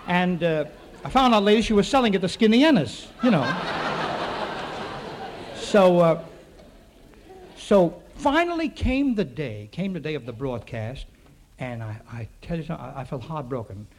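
New comedian guy, pretty high voice, rambling funny story w quick punchlines and crowd asides. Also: very animated, a little hiss or hum. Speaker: comedian telling stories to a live audience. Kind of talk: comic storytelling monologue.

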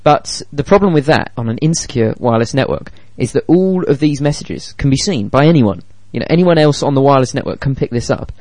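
A man co-hosting a casual tech podcast, explaining things in an animated way and acting out quoted dialogue. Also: medium pitch, a little fast, hardly any pauses, dry recording. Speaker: podcast co-host.

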